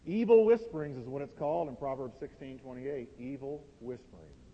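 A man preaching a sermon from the pulpit, emphatic, swinging between loud and quiet lines. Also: mid-range voice, animated, fairly quick, a little hiss or hum. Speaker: pastor. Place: warm church sanctuary. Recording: dull, reverberant church recording.

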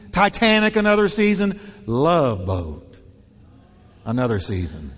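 A male pastor preaches in a fairly high voice that jumps up and down in pitch. His delivery is animated, driving points home in short, punchy bursts and repeated lines. A long reverb makes him sound as if he's in a large hall.

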